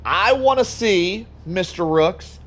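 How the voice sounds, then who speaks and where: A man hosting a live game stream and chatting with his viewers in a loud, excitable, joking way, swearing freely. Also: high voice, slow pace. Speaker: livestream host. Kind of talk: casual live gameplay commentary.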